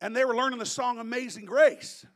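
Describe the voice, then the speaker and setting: A man in his thirties from Florida, preaching a sermon as animated storytelling that bursts into shouting. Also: very high-pitched, a little fast. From Florida, USA. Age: 30s.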